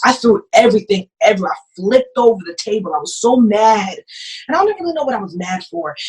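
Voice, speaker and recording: As a podcast guest, a woman pastor gives a personal testimony in an interview, earnest and emotional and often repeating phrases. Her mid-range voice comes through a rough recording.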